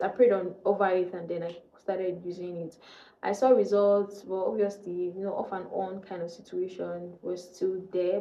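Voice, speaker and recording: A young woman from Nigeria shares a faith testimony to her camera and repeats phrases for emphasis. Her voice is mellow and sits in a roomy, slightly dull-sounding home room. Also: medium pitch, a little hiss or hum. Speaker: vlogger.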